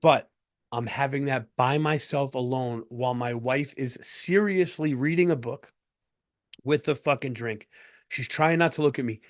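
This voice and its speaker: A middle-aged man hosting a comedy podcast, telling a story in an animated way, stumbling over restarts and breaking into laughter. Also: medium pitch, moderate pace.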